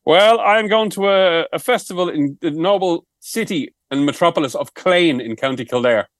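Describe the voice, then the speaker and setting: A man's voice: on the high side, normal speed, dry recording. Dry-voiced man bantering. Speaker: podcast co-host. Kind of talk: casual comedic chat.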